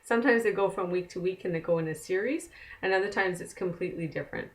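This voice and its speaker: A woman's voice: lowish voice, quick pace. A woman oracle card reader, chatting casually and conversationally to the camera from a desk at home. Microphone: camera mic.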